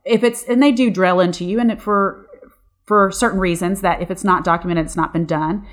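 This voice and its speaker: A woman's voice: lowish voice, fairly even intonation, brisk. A middle-aged woman, a nurse, talking passionately and with some frustration in a casual chat, often restarting her sentences.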